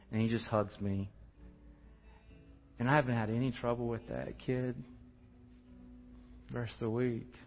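A man giving an earnest, conversational church testimony that closes in prayer. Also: fairly low pitch. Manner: earnest, conversational, laughs at himself. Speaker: church speaker sharing testimony. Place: church hall. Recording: muffled audio with long hall reverb.

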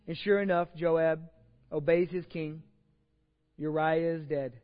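A male pastor giving a sermon, retelling scripture in casual everyday language with animated storytelling. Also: on the high side, slow pace, long pauses. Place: church sanctuary. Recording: reverberant church hall, slightly dull sound.

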